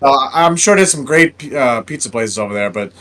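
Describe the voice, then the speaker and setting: A man's voice: medium pitch, lively intonation, brisk, a bit bright. A man who plays in a touring band, chatting in a laid-back way, full of hesitations and "dude". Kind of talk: casual chat.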